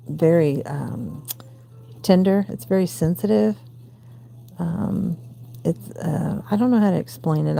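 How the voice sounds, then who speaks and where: Gravelly Southern woman chatting on a phone livestream. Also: low-pitched, mellow. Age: 40s. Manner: rambling, coos baby talk to her cats. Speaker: craft livestream host. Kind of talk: casual livestream chat.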